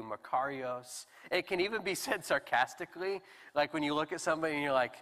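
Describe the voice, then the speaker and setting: A man preaching a sermon in a relaxed, conversational and self-deprecating way with animated emphasis. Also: fairly high pitch, brisk. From United States. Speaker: pastor. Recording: long hall reverb.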